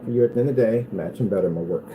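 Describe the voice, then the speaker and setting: Heard with phone-quality sound and a noisy background, a small business owner talks very fast in a fairly low voice. His rambling workshop vlog is casual, and he taunts his critics by mocking haters in a sing-song voice.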